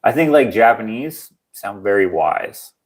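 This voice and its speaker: Low-voiced man rambling on a livestream. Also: expressive, a little slow. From Canada. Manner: rambling, joking, reads viewer comments aloud. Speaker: livestream host. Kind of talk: casual livestream chat.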